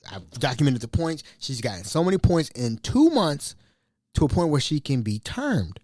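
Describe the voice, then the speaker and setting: A man's voice: moderate pace, no room sound, studio quality. A man hosting a podcast, telling a story in a casual monologue and acting out the quotes. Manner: animated, acts out quotes with big pitch jumps. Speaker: podcast host.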